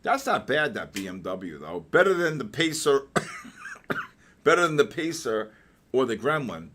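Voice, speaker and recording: An older man hosting a live market trading session, mixing chart talk with joking stories and loud exclamations. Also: mid-range voice, big pitch swings, measured pace, slight background noise. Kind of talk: live trading commentary and casual chat.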